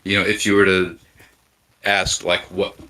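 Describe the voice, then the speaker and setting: A man speaking as a guest on a live show, giving measured, reflective answers with frequent pauses and restarts. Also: deep voice, little pitch movement, pushed and bright, poor audio. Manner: hesitant, with frequent ums and restarts.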